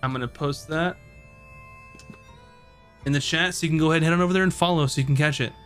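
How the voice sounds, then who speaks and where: A man running a tabletop game as game master, relaxed and filling pauses with ums. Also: a little high, faint music behind. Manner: relaxed, many ums and uhs.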